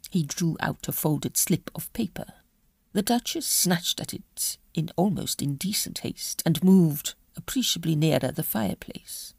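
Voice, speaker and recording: A woman narrating a classic short story for a podcast in an expressive, measured reading. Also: lowish voice, creaky, breathy edge, no room sound, studio quality. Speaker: audiobook reader.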